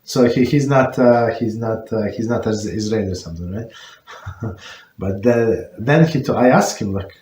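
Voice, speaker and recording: A rabbi answers questions on religious law for an online class, searching for words as he explains each point. His voice is fairly low and a little mellow, at a moderate pace, with a roomy echo around it.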